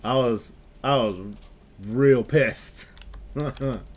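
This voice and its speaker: A man's voice: medium pitch, extremely slow. A young adult man on a gaming stream, casually telling a story while he plays, laughing often and talking in loose slang.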